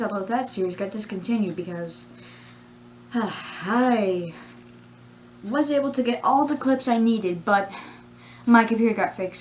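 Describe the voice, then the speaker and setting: A woman who makes plush videos chats casually in a vlog about her plush characters, giggly, rambling and pleased with herself. Her voice is fairly high, and the rough recording has slight background noise.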